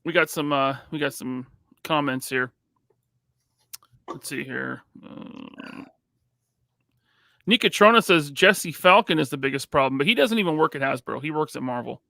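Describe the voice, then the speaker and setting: A man's voice: on the high side, lively intonation, moderate pace, gravelly, long pauses, sharp tone, no room sound, clean studio sound. A man co-hosting a podcast, casually reading out viewer comments and teasing his co-host.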